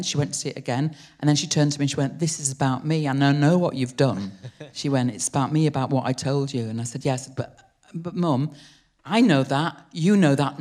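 Woman telling a lively story. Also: deep voice. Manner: animated storyteller acting out quoted dialogue. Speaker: guest writer. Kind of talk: live on-stage interview storytelling. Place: theatre stage before a live audience.

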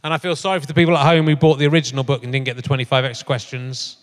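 A middle-aged podcast host talks very fast at a medium pitch that barely moves, hosting a live comedy show on stage in a big venue. His chat is bawdy and jokey, full of laughter, with long hall reverb from the room in the recording.

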